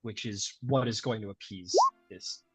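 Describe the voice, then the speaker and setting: A man's voice: lowish voice, moderate pace, slightly rough, no echo, soft background music. A man running a tabletop game as game master, talking in a chatty way with many fillers and laughs.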